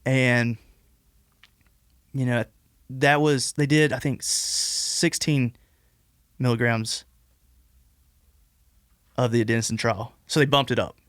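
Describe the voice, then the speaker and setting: A man's voice: medium pitch, steady tone, slow, long pauses, fairly bright tone, no echo. Rambling young man, dry close sound. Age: 20s. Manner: rambling, heavy use of "like" and restarts. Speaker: podcast guest. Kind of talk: casual storytelling in conversation.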